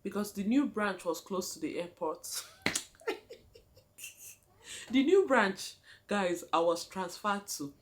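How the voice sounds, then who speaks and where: A young woman with a Nigerian accent telling a personal story on her vlog in an animated, dramatic way, often calling her viewers guys. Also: medium pitch, slow pace, long pauses, slight background noise. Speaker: vlogger.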